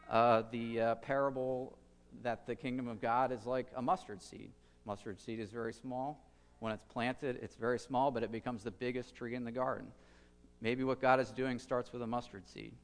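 A man's voice: mid-range voice, in a large hall. A man preaching a sermon as a pastor, conversational and thinking aloud, with fillers and restarts.

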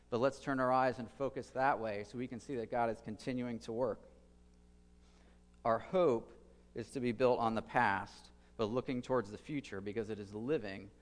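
A man's voice: medium pitch, long reverb tail. A man preaching a sermon as a pastor, conversational and thinking aloud, with fillers and restarts.

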